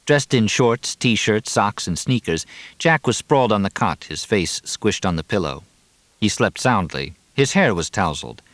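A man reading a novel aloud in an even, measured narration. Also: lowish voice, no room sound. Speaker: audiobook narrator. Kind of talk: scripted narration.

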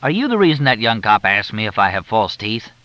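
A man's voice: on the low side, sing-song, fairly quick, pushed and bright, dry recording. A man doing a curt, exasperated newspaper boss. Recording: dull lo-fi dry recording.

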